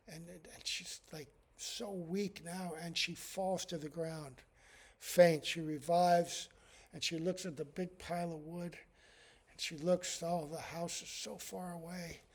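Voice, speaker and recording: A man's voice: a little high, breathy edge. A man, a monk, giving a devotional scripture class in a conversational way, chuckling often and using many fillers.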